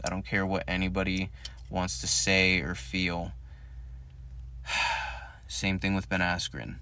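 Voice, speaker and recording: A man's voice: sits low, creaky, pushed and bright. A man hosting a solo podcast, talking in a rambling monologue that searches for words and swears casually. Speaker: podcast host.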